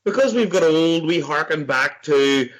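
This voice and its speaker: Sweary Northern Irish man, fairly high voice. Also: animated, measured pace, rough recording. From Northern Ireland. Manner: passionate, swears, fillers like sort of thing. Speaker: podcast guest. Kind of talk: casual chat among old friends. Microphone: video call.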